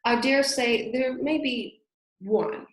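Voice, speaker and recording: A woman's voice: high voice, takes it slowly. A woman voicing a polite, curious young girl who is earnest and now and then offended, in a storybook reading. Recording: roomy echo.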